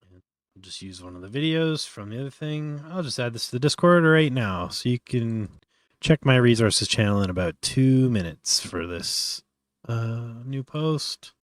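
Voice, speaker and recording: A man hosting a casual live-stream software tutorial, thinking aloud with lots of fillers and restarts, yawning often. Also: mid-range voice, lively intonation, unhurried, no room sound, clean studio sound.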